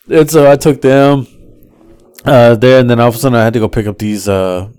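A man's voice: mid-range voice, a little slow, a little mellow, clean tone, no echo. A man, casually telling a rideshare story as a podcast co-host, acting out his passengers' lines in raised voices.

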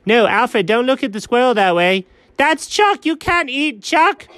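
A man voicing Alfred, an excitable, fussy cat who gets flustered and objects to everything in a comedy sketch. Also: no echo, full character voice. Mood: indignant. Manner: squeaky, indignant, quick to object. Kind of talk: comedic two-character sketch.

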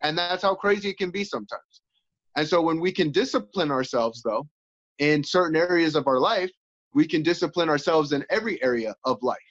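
A man's voice: a little high, fairly quick, a bit bright. A man who fights and coaches, talking candidly as an interview guest and acting out quoted voices with laughs. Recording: slightly dull, lo-fi sound.

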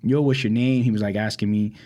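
A man's voice: on the low side, fast talker. A young man from Brooklyn, a podcast co-host, telling stories in a loose chat, acting out quotes and filling gaps with "like" and "um". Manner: animated storyteller, acts out quotes, many fillers. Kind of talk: casual storytelling chat.

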